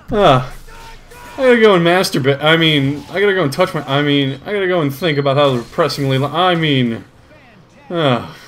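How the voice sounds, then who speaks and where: A young man hosting a comedic video, reading a comic aloud with sarcastic commentary and frequent laughter. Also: on the high side. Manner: sarcastic, laughs often, lively. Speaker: host.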